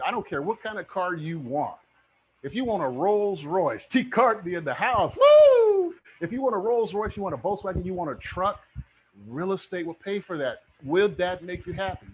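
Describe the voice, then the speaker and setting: A middle-aged man teaching real estate in a live online webinar, energetic and motivational, often checking in with "okay?". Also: high-pitched, lo-fi sound, slight background noise.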